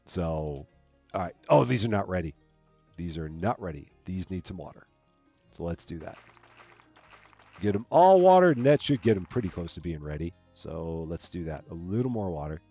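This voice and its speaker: A man's voice: deep voice, lively intonation, normal speed, dark tone, breathy edge, soft background music. A man chatting casually on a live game stream, rambling with lots of fillers and repeated words. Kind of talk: casual live-stream chat while playing.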